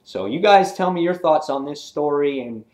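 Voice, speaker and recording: A man giving a casual, excitable comic book review, rambling with frequent fillers and restarts. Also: a little high, normal speed.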